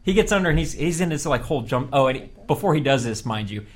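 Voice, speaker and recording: A man's voice: mid-range voice, animated, fast talker, slight background noise. A man hosting a casual group podcast, telling a long story with lots of laughter and restarts. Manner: rambling storyteller, laughs often. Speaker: podcast host.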